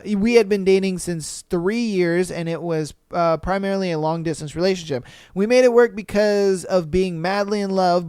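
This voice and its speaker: Profane, animated young male podcast host. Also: high-pitched, clean tone, no room sound, studio quality. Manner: profane, animated reactions, laughs. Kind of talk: casual reading of listener posts with commentary.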